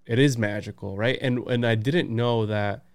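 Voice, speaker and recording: A man hosting a casual podcast chat, excitable and laughing, reading aloud from notes. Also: mid-range voice, normal speed, smooth. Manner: excited, laughing, says "bro" and "dude". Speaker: podcast host.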